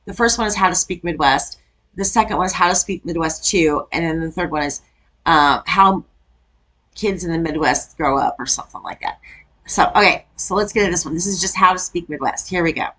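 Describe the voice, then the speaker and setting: A woman from Wisconsin hosts a casual reaction video. Her voice sits a bit low and she talks in a chatty way, often breaking into exclamations. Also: brisk, a bit bright, low-quality recording. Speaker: YouTube reaction host.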